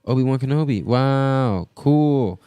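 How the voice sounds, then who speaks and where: A man's voice: medium pitch, expressive, takes it slowly, mellow, clear, resonant tone, no echo. A man hosting a casual live stream, rambling with many filler words as he talks into a podcast mixer setup. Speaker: host.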